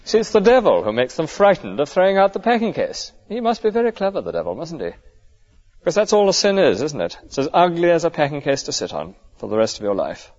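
A man's voice: a little high, sing-song, quick pace, darkish tone, lo-fi sound. A male clergyman giving an earnest, conversational sermon full of rhetorical questions.

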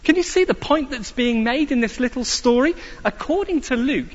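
A man preaching a sermon slowly and emphatically, asking his listeners rhetorical questions. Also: very high voice, lively intonation. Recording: dull sound with long hall reverb.

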